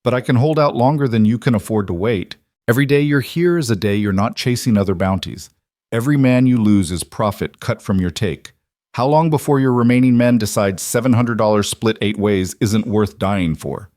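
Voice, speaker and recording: Man playing protective cowboy, measured calm talk, low, western storybook. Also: no room sound, studio quality, lightly acted. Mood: defiant.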